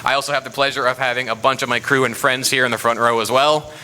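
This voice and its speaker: A man speaking on a convention panel, his tone bright and forward. He talks casually with a joking, self-deprecating manner. A faint room hum sits behind him. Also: mid-range voice, fairly even intonation, fast talker. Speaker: panelist, fan filmmaker.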